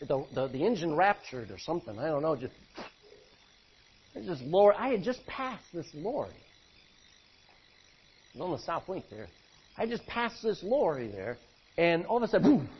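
A man's voice: high-pitched, husky. A man preaching a sermon in a folksy, conversational way, with personal stories and asides. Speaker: pastor. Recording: dull lo-fi recording.

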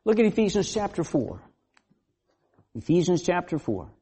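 Animated pastor with a lively, swinging voice. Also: male voice, high-pitched, moderate pace, husky. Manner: animated, asks the congregation questions; acts out quoted voices and laughs often. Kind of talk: sermon.

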